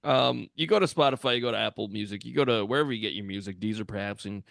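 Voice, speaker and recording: Gravelly-voiced male podcast co-host. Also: fairly low pitch, fast talker, a bit bright, no echo. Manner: dry, plugging the show's music. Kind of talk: casual chat.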